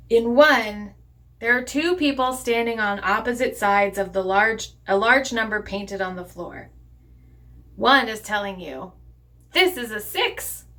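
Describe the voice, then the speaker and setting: Slow, measured woman preaching a sermon. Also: on the high side, fairly bright tone. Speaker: pastor.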